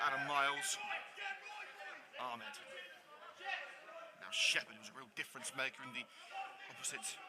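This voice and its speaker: A man giving live commentary on a football match, hurried and out of breath while he juggles several jobs. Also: mid-range voice. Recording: noisy stadium ambience.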